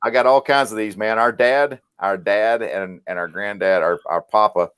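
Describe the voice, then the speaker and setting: A man's voice: fairly low pitch, moderate pace, smooth, no echo, clean studio sound. A middle-aged man with a Southern Mississippi drawl, telling folksy stories as a guest on a casual podcast. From South Mississippi, USA. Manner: folksy, animated storyteller with a drawl. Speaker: podcast guest, medical instructor.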